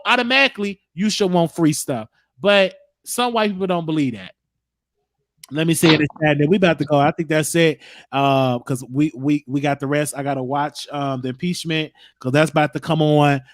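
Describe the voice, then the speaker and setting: A high-pitched man hosts a casual livestream chat. He rambles and speaks bluntly, dropping curse words freely. His voice is dry and close, with no room echo. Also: a little fast, a bit bright. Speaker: show host.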